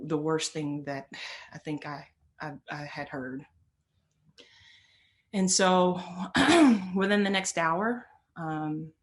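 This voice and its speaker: A woman's voice: fairly low pitch, fairly bright tone. A woman giving an earnest motivational talk, telling a personal story and building on repeated phrases. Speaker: motivational speaker.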